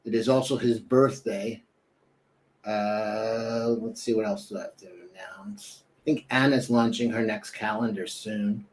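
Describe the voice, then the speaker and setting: On the low side and a little mellow, this young man's voice keeps a fairly even intonation at a measured pace, with slight background noise. He co-hosts a casual talk show, rambling with fillers and joking in put-on voices.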